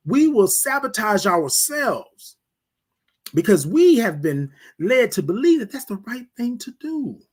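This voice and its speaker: A man hosting a morning show, giving a preacherly talk on self-care, repeating phrases and dropping his voice low on refrains, calling listeners "y'all". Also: big pitch swings, measured pace, slightly rough. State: emotional. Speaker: host.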